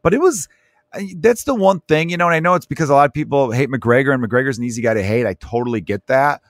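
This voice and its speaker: A man in casual chat, rambling with many restarts and turning animated when he quotes other people. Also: medium pitch, fast, dry recording, clean studio sound.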